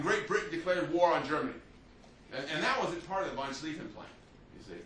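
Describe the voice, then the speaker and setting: A man's voice: a little high, fast talker, pushed and bright, a little hiss or hum. A male history teacher giving a conversational classroom lecture, often checking in with "you see" and "right?" as he talks. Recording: roomy, distant, faint ambience.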